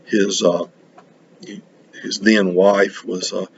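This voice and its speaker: A middle-aged man from North Carolina, chatting casually on his record vlog in a halting, rambling way full of restarts. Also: sits low, flat delivery, vocal fry, highs cut off, slight background noise. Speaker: record collecting vlogger. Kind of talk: casual chat.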